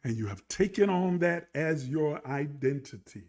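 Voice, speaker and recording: High-voiced, animated male preacher. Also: unhurried. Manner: preaching cadence, builds from low talk to shouted emphasis; calls on online listeners to respond. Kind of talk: livestreamed sermon.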